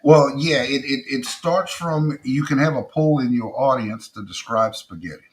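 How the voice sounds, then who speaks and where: A middle-aged comedian from South Louisiana with a South Louisiana Creole accent, chatting in a casual interview and trailing off quietly at the ends of his lines. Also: mid-range voice, normal speed, rough recording. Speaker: comedian guest.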